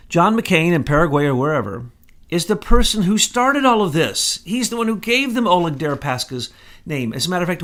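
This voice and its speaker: Gravelly man holding forth. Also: fairly high pitch, a bit bright. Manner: confident, sweeping, conspiratorial. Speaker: co-host. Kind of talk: conspiratorial political talk.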